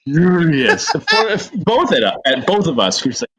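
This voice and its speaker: A man telling lively stories as a guest in an interview, acting out the voices of people in his tales. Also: on the high side, normal speed. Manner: animated storyteller, acts out voices in quotes. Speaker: guest, horror actor. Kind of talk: casual storytelling in an interview.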